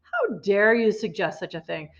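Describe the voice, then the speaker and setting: Lady reading a giant mean headmistress, shouts and sneers, bouncy pitch, kinda muffled audio. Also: huge pitch swings, normal speed. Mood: outraged. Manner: bellowing, sarcastic, insulting. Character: huge bullying headmistress, woman, furious. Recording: slightly muffled recording.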